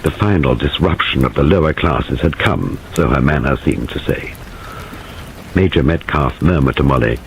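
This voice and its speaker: A man narrating an audiobook in an expressive, dramatic reading. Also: a bass voice, normal speed, gravelly, a little hiss or hum, poor audio.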